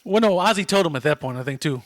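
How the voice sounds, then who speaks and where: A man's voice: on the high side, animated, fast talker, dry recording. A man co-hosting a movie podcast, casually recapping scenes and sharing trivia, with some swearing. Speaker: podcast co-host.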